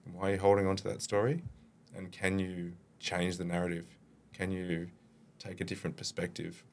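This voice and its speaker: A man's voice: deep voice, flat delivery, brisk, a little mellow, slight background noise. A man from Australia, a mindset coach guest on a podcast, speaking reflectively and posing searching questions. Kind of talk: podcast interview.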